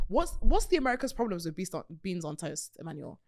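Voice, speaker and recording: A young British woman hosting a podcast in casual chat, animated, laughing often and swearing casually. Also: on the low side, fast talker, gravelly, few pauses. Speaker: podcast host.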